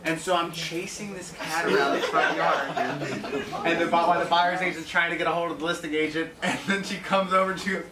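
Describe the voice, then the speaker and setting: A man's voice: a little high, fairly even intonation, brisk, a loud crowd. A man telling anecdotes in a conference talk, chatty, laughing often and acting out the people he quotes. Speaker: home inspector speaking at a conference. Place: conference room with an audience. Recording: echoey room, mic heard from far, audience noise.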